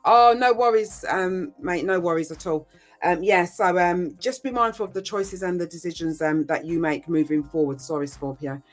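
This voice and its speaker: A woman gives a casual tarot reading in a somewhat low voice. She talks in a chatty, rambling way, full of ums and the odd swear word. Faint music plays in the background. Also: normal speed. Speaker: tarot reader.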